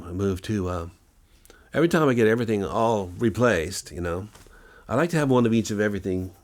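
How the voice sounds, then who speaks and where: Low male voice, musician-teacher interviewee, rambling anecdotal delivery full of fillers. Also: darkish tone. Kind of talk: interview storytelling.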